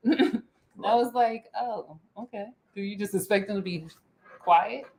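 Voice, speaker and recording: A woman's voice: mid-range voice, slow, darkish tone. A woman co-hosting a casual chat show, playful and rambling, often breaking into giggles. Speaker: podcast co-host.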